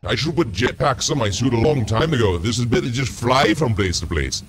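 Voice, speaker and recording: A man streaming a game while playing a goofy, boastful parody of a dark lord, talking in a slow, self-important, jokey way. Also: mid-range voice, animated, voice pushed up, lightly acted. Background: music.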